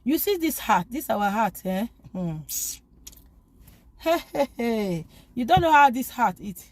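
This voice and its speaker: Pleading, emphatic woman with a high voice. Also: sing-song, measured pace. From lives abroad, from back home elsewhere. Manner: pleading and emphatic, repeats phrases. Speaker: faith vlogger. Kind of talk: informal spoken exhortation on forgiveness.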